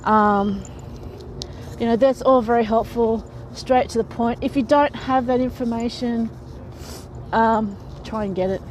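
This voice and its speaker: Poor audio captures a slightly high, somewhat mellow female voice moving at an unhurried pace. She's a vlogger giving straight-talking advice to camera, chatty and frank, laughing lightly mid-sentence with faint noise behind.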